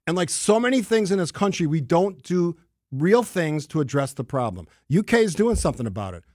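A man's voice: a little high, big pitch swings, a little fast, a little mellow, dry recording, studio quality. Emphatic talk radio host, man. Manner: emphatic, exasperated. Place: radio studio.

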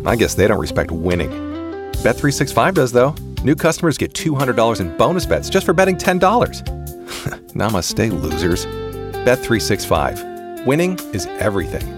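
A man's voice: medium pitch, very animated, normal speed, music in the background. A man delivering a comic commercial monologue in a smug, boastful way. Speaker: comedic ad voice.

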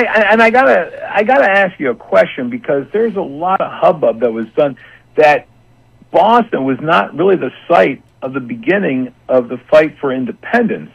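A man's voice: fairly high pitch, creaky, poor audio. Rambling voice-actor man chatting on air. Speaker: voice actor guest. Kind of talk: casual radio chat.

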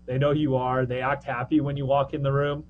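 A man's voice: mid-range voice, flat delivery, narrow, tinny audio. A man who works as a minor league baseball broadcaster, chatting casually on a podcast with a joking, rambling manner. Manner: chatty, joking, quick asides.

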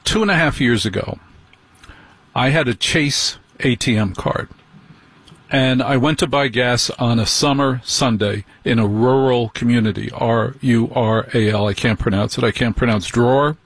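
A man's voice: mid-range voice, normal speed, husky, no echo. A man hosting a show, telling a story in a wry, mock-indignant comic monologue. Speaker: host.

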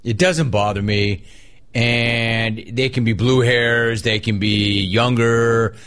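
A man's voice: slow pace, clear, resonant tone. A middle-aged man hosting a call-in radio show, chatting casually and riffing on his pet peeves. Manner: animated, mocks people in a high put-on voice.

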